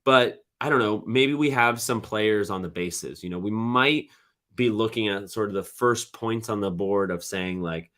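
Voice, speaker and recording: A man's voice: on the low side, measured pace, fairly bright tone. A man hosting a podcast, talking casually on his own with frequent fillers and restarts. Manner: conversational, many fillers and restarts. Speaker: podcast host. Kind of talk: casual solo commentary.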